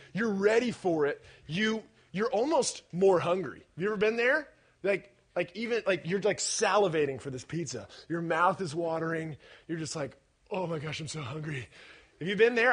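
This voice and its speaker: A man as youth pastor, giving a playful, animated youth-group sermon, quizzing the kids and shouting at the big points. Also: high voice. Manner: animated, playful, shouting at peaks, audience questions.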